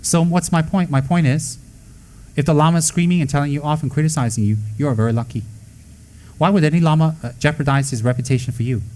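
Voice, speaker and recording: A darkish, mid-range male voice delivers a casual dharma talk without a script. He puts things bluntly and forcefully, raising and answering his own rhetorical questions while tossing in playful jabs.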